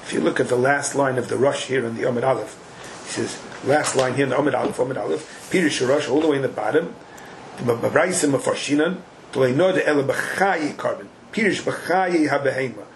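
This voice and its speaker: A man giving a Talmud class, chanting the quoted text in an animated sing-song. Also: medium pitch, a little fast, slight background noise, low-quality recording. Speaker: Talmud teacher.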